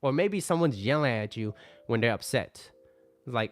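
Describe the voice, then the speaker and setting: A man's voice: medium pitch, lively intonation, normal speed. A man talking through relationship advice in a loose, conversational way, often ending lines with "right?". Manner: acts out angry customers in mock voices. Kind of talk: casual advice monologue.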